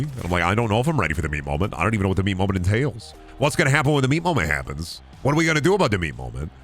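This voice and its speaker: Low-voiced, rambling streamer in his thirties. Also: sing-song, rapid-fire, hardly any pauses, fairly bright tone, a little hiss or hum. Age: 30s. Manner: rambling, profane, jokey, riffing on chat. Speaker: game streamer. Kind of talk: casual stream chat.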